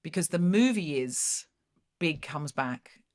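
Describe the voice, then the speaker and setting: Low-voiced woman hosting a podcast. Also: slow pace. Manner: animated, acts out lines in put-on voices. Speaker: podcast host. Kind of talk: casual chat.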